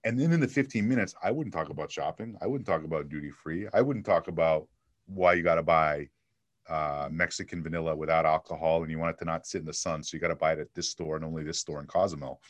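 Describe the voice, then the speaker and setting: A man talking casually in an interview about selling, an energetic storyteller who acts out little bits of dialogue. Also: extremely low pitch, fast, no room sound. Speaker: sales trainer and guest.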